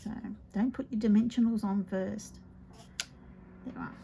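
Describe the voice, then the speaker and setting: Brief: woman craft demonstrator, chatty, slips into soft half-whispers, noisy home recording. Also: medium pitch, fairly even intonation, normal speed, creaky. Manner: chatty, often drops to a soft half-whisper while working. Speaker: papercraft demonstrator.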